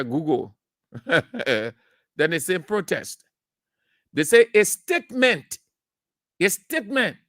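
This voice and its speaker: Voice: medium pitch, fairly bright tone, dry recording, clean studio sound. A radio talk show host, giving opinionated commentary in a lecturing, emphatic way, repeating key phrases and asking rhetorical questions. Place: radio studio.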